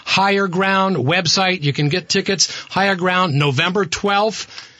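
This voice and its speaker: A man's voice: high-pitched, a little slow, sharp tone, no room sound. A man hosting a radio show, chatting casually with his guests and laughing easily. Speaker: radio host.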